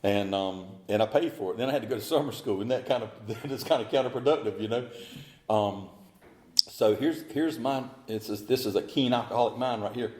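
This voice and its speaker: A middle-aged man with a drawl tells his story at a recovery meeting. His voice sits at an ordinary middle pitch, and his delivery is animated and folksy. The sound is roomy and echoing, like a meeting hall. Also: a little fast, a little hiss or hum. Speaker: AA speaker.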